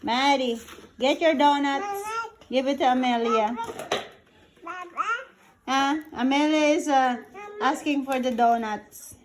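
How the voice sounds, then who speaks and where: A young woman gently coaxing toddlers as they play on the floor, talking in baby talk with frequent laughs. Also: high voice, takes it slowly, long pauses, crowd noise. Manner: coaxing and sing-song, laughing often. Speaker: caregiver. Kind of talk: baby talk while playing.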